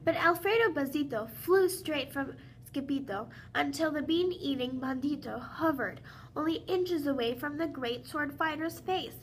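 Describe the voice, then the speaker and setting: A woman reading a children's picture book aloud in a lively storytelling way. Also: high voice, normal speed, slight background noise. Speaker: reader.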